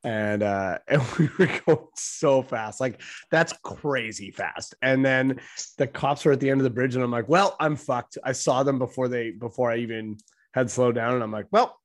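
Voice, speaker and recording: A man's voice: medium pitch, moderate pace. A man, a comedian telling a story in casual, profane chat and laughing as he goes. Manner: laid-back, profane, laughs through stories.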